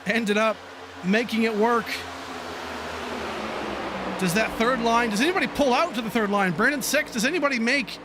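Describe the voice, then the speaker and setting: A man calling a motor race play-by-play, excitable and quick to exclaim. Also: extremely high pitch, noisy background. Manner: excitable, shouting calls, laughing. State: out of breath. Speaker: play-by-play commentator.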